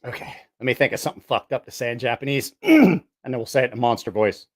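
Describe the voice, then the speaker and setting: A middle-aged man talks casually to the camera, swearing often and poking fun at himself. His pitch jumps around in a lively way while he thinks aloud about the gear he is testing. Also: quick pace. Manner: rambling, profane, self-mocking. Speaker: musician testing a voice effects box. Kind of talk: casual vlog chat.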